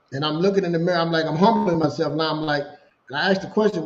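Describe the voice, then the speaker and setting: Man, 40s, guest on a call, animated storyteller, slightly high voice, echoey dull line. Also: fast talker. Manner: animated, repeats himself, acts out dialogue. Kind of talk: casual storytelling. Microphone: video call. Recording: lo-fi roomy video call.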